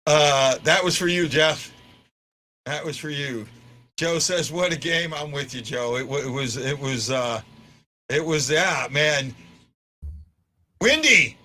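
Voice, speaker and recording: A man hosting a fan post-game show in casual chat, stammering and restarting his words and swinging from stunned to excited. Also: on the high side, takes it slowly, long pauses.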